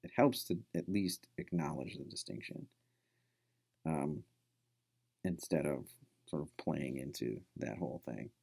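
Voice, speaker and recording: A man's voice: a bass voice, animated, a little slow, creaky, pauses often, dark tone, breathy edge. A male instructor giving a casual recorded lecture, rambling with many fillers and restarts.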